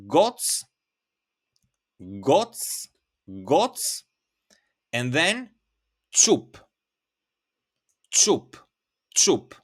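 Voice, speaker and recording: A man teaching a vocabulary lesson, speaking patiently and repeating each word several times. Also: fairly high pitch. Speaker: Albanian language teacher.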